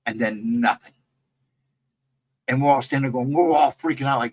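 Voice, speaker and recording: A man's voice: mid-range voice, normal speed, slightly rough, poor audio. A man casually telling a ghost story from a camping trip, rambling loosely and repeating himself as he goes. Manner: rambling, loose, repeats "I mean" and "you know". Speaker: guest storyteller on a live stream.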